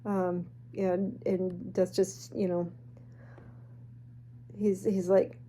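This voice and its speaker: Chatty woman with a mellow voice. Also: on the low side, extremely slow, a little hiss or hum. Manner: animated, chatty, snarky asides. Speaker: storyteller. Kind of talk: casual storytelling.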